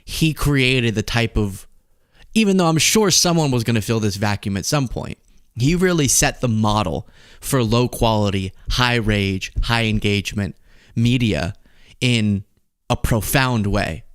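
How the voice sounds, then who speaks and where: Male host with a Texan accent, mid-pitched voice, dry close mic, sarcastic and animated commentary. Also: unhurried, clear, resonant tone, no echo. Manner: sarcastic, animated, laughs at his own points. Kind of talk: casual political commentary.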